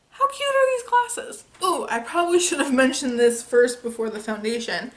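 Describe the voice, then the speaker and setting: Young woman vlogger, kinda high voice, chatty and excited, swears a bit, doing a makeup haul at home. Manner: chatty, enthusiastic, swears casually. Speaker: beauty youtuber. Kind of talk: casual haul review. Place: home filming setup.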